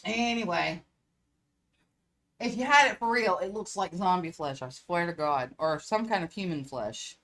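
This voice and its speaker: Woman, bright tone, salty casual chat on a webcam. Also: fairly low pitch, moderate pace. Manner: profane, laughing often. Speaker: podcast co-host.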